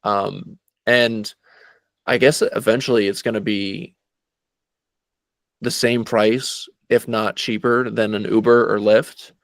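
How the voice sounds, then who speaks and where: A man in casual podcast chat, talking in a relaxed, halting way with many filler words. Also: fairly low pitch, creaky, no room sound. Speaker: podcast co-host.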